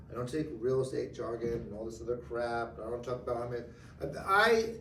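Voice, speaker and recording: A man teaching a real estate training class live, acting out client dialogue in an animated way. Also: medium pitch, a little hiss or hum. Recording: echoey room from far off.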